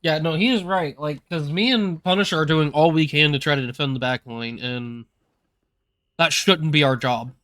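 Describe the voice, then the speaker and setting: A streamer chatting casually over a game with friends, loose and quick to swear and laugh, on a headset or desk mic. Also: mid-range voice, a bit bright. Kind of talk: casual gaming chat.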